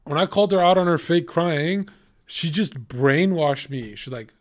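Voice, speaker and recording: A man's voice: a little high, lively intonation, moderate pace. Profane joking male streamer. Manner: blunt, profane, jokey asides. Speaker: streamer reacting to a call. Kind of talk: casual livestream commentary.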